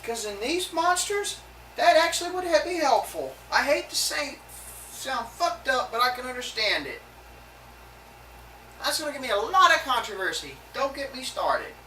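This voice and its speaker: Woman going off on a sweary rant to her viewers, bright voice, keeps restarting her sentences. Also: high-pitched, sing-song, slight background noise, low-quality recording. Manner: heated, swearing, halting with many restarts. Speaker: video blogger. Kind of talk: angry profane rant to camera.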